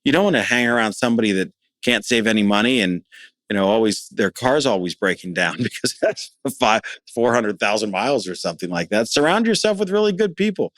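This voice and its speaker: A man's voice: fairly low pitch, animated, brisk, fairly bright tone, no room sound. Middle-aged guy chatting about his business, dry close mic, pumped up, stumbles over first words a lot. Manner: enthusiastic, plain-spoken, repeats words when starting phrases. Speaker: business owner guest. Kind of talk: conversational interview.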